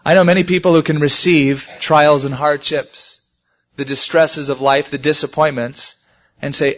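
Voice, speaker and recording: A man's voice: on the high side, steady tone, normal speed. A man preaching a sermon, telling stories and rising emphatically on the key points. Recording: muffled lo-fi sermon recording.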